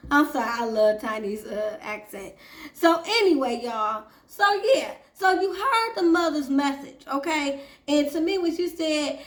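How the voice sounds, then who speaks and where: A woman's voice: high-pitched, expressive, moderate pace, fairly bright tone, echoey room. A woman hosting a casual TV recap and review, chatting straight to her viewers. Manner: chatty, addresses viewers as y'all. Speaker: TV recap host.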